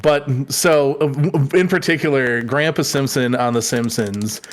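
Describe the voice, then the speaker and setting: A man co-hosting a podcast in casual chat, relaxed and rambling, often laughing. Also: mid-range voice, unhurried. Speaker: podcast co-host.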